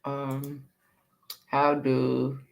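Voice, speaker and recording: A woman's voice: a bass voice, completely flat delivery, extremely slow, vocal fry, darkish tone. A woman hosting a casual live stream, chatting with viewers and greeting them by name with repeated hellos.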